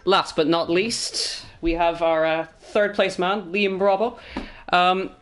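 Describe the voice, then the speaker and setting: Male host of race interviews, fairly high voice, halting delivery with fillers. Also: fairly even intonation, fairly bright tone. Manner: hesitant, many ums, joking asides. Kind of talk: post-race esports interviews.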